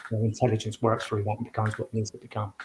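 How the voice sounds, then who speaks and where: A man's voice: on the low side, completely flat delivery, racing, slight background noise. A man talking as a guest in a casual interview, rambling with frequent restarts and fillers. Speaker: guest, medium and author. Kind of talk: casual conversation.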